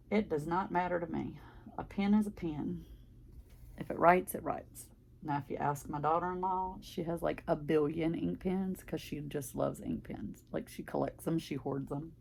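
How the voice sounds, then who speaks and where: Low gravelly woman, deep Southern drawl. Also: unhurried, a little mellow, a little hiss or hum. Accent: deep Southern US country. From Mississippi, US. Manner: rambling, chatty, filler-heavy. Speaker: craft vlogger. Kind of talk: casual chat while stitching.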